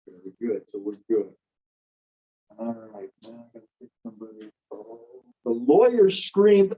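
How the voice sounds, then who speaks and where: A man's voice: medium pitch, big pitch swings, measured pace, slightly rough, muffled recording. A man teaching a grammar class, patiently calling on students by name and explaining parts of speech.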